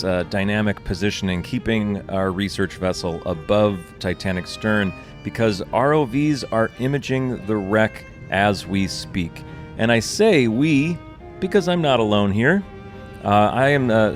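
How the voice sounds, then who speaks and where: A man with a lowish voice hosts a podcast from the lounge of a research ship at sea, sounding chatty and friendly. The hum of the ship's engines runs behind him, along with faint music.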